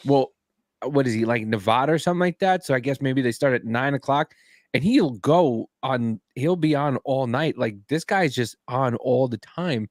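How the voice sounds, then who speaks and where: A man's voice: medium pitch, dry recording, clean studio sound. A man co-hosting a podcast over an online call, chatting loosely with many fillers and restarts. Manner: rambling, loose, full of fillers. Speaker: podcast co-host. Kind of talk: casual chat.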